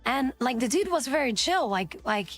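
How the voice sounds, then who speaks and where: A woman's voice: high voice, sing-song, moderate pace, soft background music. Rambling woman streamer telling a story. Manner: rambling, many fillers and restarts. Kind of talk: casual storytelling to chat.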